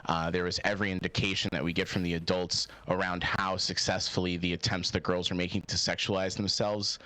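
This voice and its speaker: A man with a low voice asks questions in a careful, hesitant way, full of "like" and "um". The sound is dry and close, with no room around it. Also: level tone, brisk, pushed and bright, no echo. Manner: hesitant, filler-heavy questioning. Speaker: interviewer. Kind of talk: casual debate-style interview.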